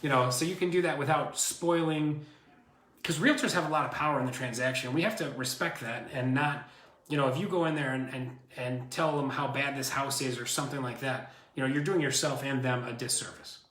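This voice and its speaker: A man's voice: medium pitch, brisk, echoey room. A man co-hosting a casual show, rambling through stories as a realtor. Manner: animated, rambling storyteller. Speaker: co-host, realtor. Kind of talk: casual chat.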